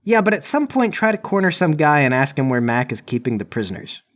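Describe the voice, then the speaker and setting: A man speaking as a player in a tabletop game, dry and deadpan, slightly away from the microphone. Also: a little high, brisk. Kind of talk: in-character tabletop play.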